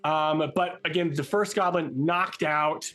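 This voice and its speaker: Man, game master, tabletop game, excitable, slightly high voice, lots of fillers. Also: soft background music. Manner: excitable, halting with many fillers.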